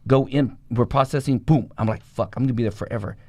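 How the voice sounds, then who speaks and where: A middle-aged man telling a rough life story in an interview, in a rapid, profane and animated way. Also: medium pitch, dry recording, studio quality. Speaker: guest.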